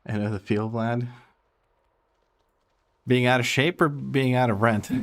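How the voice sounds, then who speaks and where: A man's voice: mid-range voice, fairly even intonation, unhurried. A young man chatting casually while streaming a game, reading and answering chat with frequent laughter.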